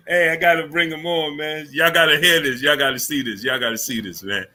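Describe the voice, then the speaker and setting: Bright-voiced man greeting his live chat. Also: a little high. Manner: greets chat users one after another, many fillers and repeats. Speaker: livestream sports show host. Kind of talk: casual live chat reading viewer names.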